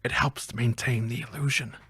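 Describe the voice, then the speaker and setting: A man's voice: mid-range voice, fairly even intonation, a little fast, fairly bright tone, breathy edge, dry recording. A man voicing a polite but stern male theatre usher with a formal, apologetic manner. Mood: politely firm.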